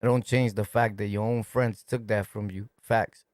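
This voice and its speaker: This host is a New Yorker with a matching accent who addresses his livestream chat in casual commentary, sounding streetwise, emphatic and repetitive. His pitch is fairly low, his intonation fairly even, and his pace moderate. The recording is dry and studio quality.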